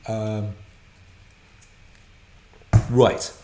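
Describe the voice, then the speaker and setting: Swearing, excitable man on a live stream. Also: fairly low pitch, moderate pace, reverberant, slight background noise. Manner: excitable, heavy swearing, laughs and rambles. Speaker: host of a live viewer Q&A broadcast. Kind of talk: casual live-stream chat, reading viewer questions. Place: home studio room.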